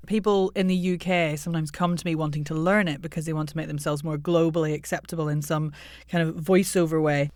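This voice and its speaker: A woman accent coach from the UK, explaining in a measured way on a podcast. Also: low voice, darkish tone, no room sound. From United Kingdom. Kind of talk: explanatory interview talk.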